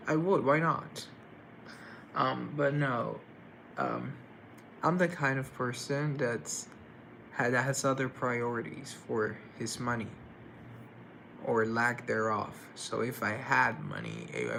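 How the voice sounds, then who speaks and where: A man's voice: mid-range voice, gravelly, fairly bright tone, slight background noise, low-quality recording. A young man hosting a casual livestream, rambling and self-deprecating as he reads and answers viewers' comments. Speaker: livestream host.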